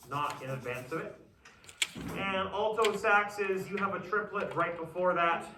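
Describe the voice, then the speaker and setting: A man's voice: high voice, measured pace, background noise. A man conducting a community band rehearsal, explaining phrasing, singing lines and counting the players in. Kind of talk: rehearsal instruction. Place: large rehearsal room. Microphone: distant camera mic. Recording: roomy, distant, with band music. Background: band instruments.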